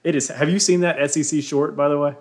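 A man co-hosting a podcast in casual chat, loud, jokey and emphatic. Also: a little high, steady tone, fast talker. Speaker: podcast co-host. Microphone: sitting far from the mic.

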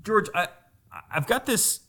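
A man's voice: high-pitched, animated, measured pace, pushed and bright. A man in his late twenties co-hosting a podcast in a playful, joking, rambling way. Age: late 20s. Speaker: podcast co-host. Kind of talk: casual chat.

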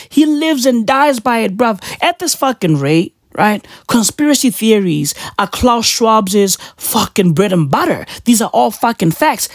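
Slow, profane woman. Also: a little high, no echo, studio quality. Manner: swears constantly, keeps asking "right?"; mocking and indignant. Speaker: commentator. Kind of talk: profane rant monologue.

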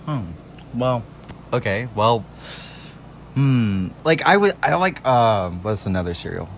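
A young man co-hosting a casual podcast, his pitch swinging widely as he rambles from topic to topic. He talks in a playful, easygoing way and laughs often. Faint noise sits under the voice. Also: big pitch swings, slow, gravelly. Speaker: podcast co-host. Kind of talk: casual chat.

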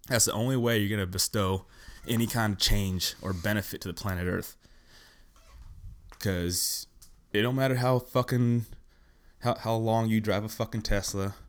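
A young man hosting a podcast, ranting bluntly in a casual, profane way. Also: lowish voice. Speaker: podcast host. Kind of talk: casual rant.

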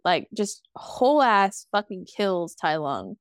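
Brief: twenties woman co-host, sassy casual recap, mid pitch, dry close sound. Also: big pitch swings, smooth, no room sound. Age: 20s. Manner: sassy, swears freely, acts out lines in quick voices. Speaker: podcast co-host. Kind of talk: casual movie recap chat.

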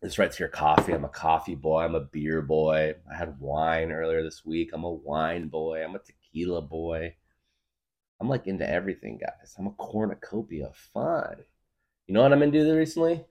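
Deep-voiced rambling comic guy. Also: normal speed, a little mellow. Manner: rambling, heavy on filler words, jokey exaggeration. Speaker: podcast guest, craft beer guru. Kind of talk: casual comedic monologue.

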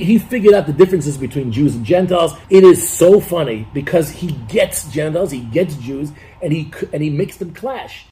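Man, mellow tone, podcast storyteller acting out the bits. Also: fairly high pitch, moderate pace, few pauses, low-quality recording. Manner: animated storyteller acting out quoted dialogue. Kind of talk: casual podcast reminiscence.

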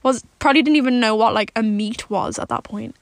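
A woman's voice: on the high side, no room sound. A young woman, talking to camera from her car in a blunt, exasperated way, swearing often and filling her speech with "like.". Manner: blunt and exasperated, swears a lot, fills every pause with "like". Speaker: vlogger. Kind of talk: casual rant to camera. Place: sitting in a parked car.

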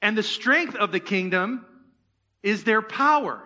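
Preaching in a church, a male pastor speaks in a high, bright voice with lively intonation and a measured pace. His sermon stays conversational as he fires rhetorical questions at the congregation and drops in playful asides.

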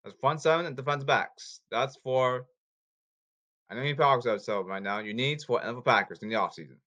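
A man's voice: medium pitch, fairly quick, bright, forceful tone. A man talking casually to his audience, rambling and repeating himself as he jumps between topics. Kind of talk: casual rambling talk to camera.

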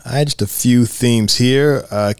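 Man in relaxed podcast film chat. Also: mid-range voice, unhurried, clean tone, dry recording. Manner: relaxed, conversational, repeats words when thinking. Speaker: podcast co-host. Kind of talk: casual film commentary chat.

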